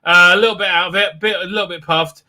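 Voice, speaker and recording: Bright high-voiced sarcastic male host. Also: steady tone, fast. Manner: mocking, rambling, many fillers. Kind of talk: sarcastic live show recap.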